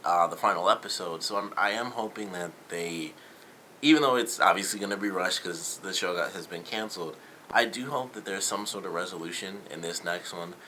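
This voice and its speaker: A man's voice: sits low, brisk, sharp tone, a little hiss or hum, rough recording. A young man talking casually through a TV episode review, rambling with many fillers and loosely quoting the characters. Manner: rambling, lots of fillers and paraphrased quotes.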